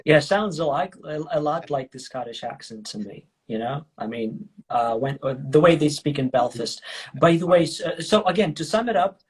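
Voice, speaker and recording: A man's voice: a little high, lively intonation, moderate pace, slightly rough. A man hosting a casual interview, chatty and loose in how he talks. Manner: chatty, many fillers and restarts. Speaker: host.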